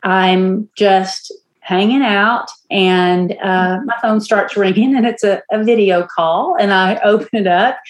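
A woman's voice: medium pitch, slow pace. A woman co-hosting a podcast, talking casually and reflectively, laughing easily. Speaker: podcast co-host. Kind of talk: casual chat.

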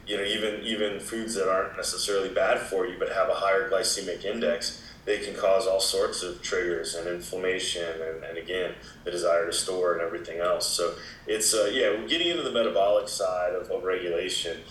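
A man talking as a wellness expert guest in a casual interview, with a relaxed, explaining manner full of "you know" fillers. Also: low voice, brisk, slight background noise. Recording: echoey room.

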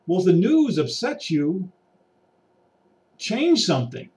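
A man on an exasperated, preachy rant, pacing a room as he talks. His voice sits on the higher side and lands a little distant from the mic. He drops to mutters, then climbs into raised, pointed outbursts. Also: big pitch swings, a little slow, long pauses, darkish tone. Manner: paces about while talking. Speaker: vlogger. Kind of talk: ranting monologue to camera. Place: indoor room.

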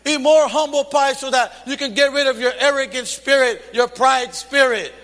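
A man preaching a fervent Pentecostal sermon, giving testimony and shouting rebukes and calls to the congregation. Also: very high voice, moderate pace. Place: church hall. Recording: long hall reverb.

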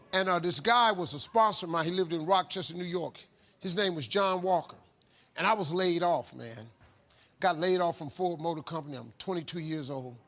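Animated high-voiced man telling a story. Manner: animated storyteller acting out phone calls, shouting. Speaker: motivational speaker. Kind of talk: motivational storytelling.

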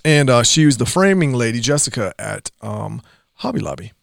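A man's voice: medium pitch, sing-song, normal speed, creaky, background noise. A man in his forties co-hosting a casual church podcast, rambling and chatty, laughing often as he tells stories. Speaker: podcast co-host. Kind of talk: casual chat.

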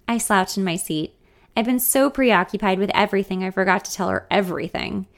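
A woman's voice: mid-range voice, fairly quick. A young woman narrating a first-person story in a candid, wry, conversational way.

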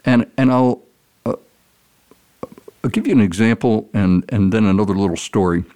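A man as a podcast guest, explaining ideas and telling a story in an earnest, animated way. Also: on the low side, normal speed. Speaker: guest speaker. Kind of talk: casual storytelling in an interview.

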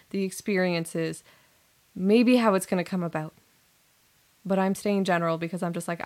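A young adult woman talks through a personal story on her own podcast, earnest and a little rambling, often restarting her sentences. Her voice sits a touch lower than most women's. The delivery is casual and unscripted. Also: a little mellow. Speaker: podcast host and coach. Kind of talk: casual solo podcast monologue.

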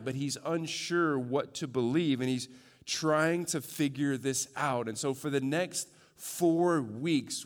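A man pastor preaching a sermon, shifting from loud joking asides to hushed, earnest emphasis. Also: fairly high pitch, in a large hall.

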